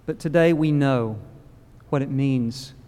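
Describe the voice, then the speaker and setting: A man preaching a funeral sermon in a church, solemn and measured, with slow pauses. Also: mid-range voice, dark tone, clean tone. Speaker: pastor. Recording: long reverb of a large hall.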